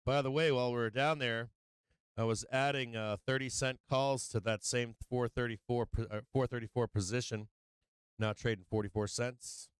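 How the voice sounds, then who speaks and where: A man's voice: mid-range voice, moderate pace, smooth, no echo. A man hosting a live stock-trading stream, brash and profane, swinging between muttering and fired-up outbursts while he explains his trades. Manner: profane, brash, excitable trash talk. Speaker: livestream trading host. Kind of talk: live market commentary.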